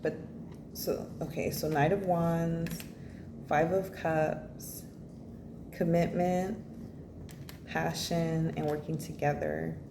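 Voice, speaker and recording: A woman's voice: low-pitched, fairly even intonation, slow, long pauses. A woman giving a casual spoken tarot reading, blunt and rambling, swearing freely and filling her talk with "you know" and "like.". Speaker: tarot reader. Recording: echoey room with faint noise.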